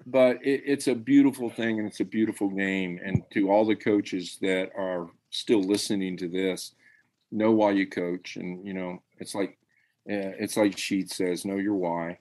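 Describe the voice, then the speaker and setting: A man, a high school baseball coach, telling stories earnestly and emphatically in a podcast interview. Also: steady tone, unhurried, darkish tone. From Tennessee.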